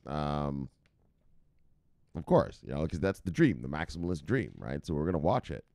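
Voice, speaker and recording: A man's voice: a bass voice, big pitch swings, moderate pace, a little mellow, dry recording, clean studio sound. An American man hosting a crypto news show in casual, profane, rambling commentary with mock dramatic voices.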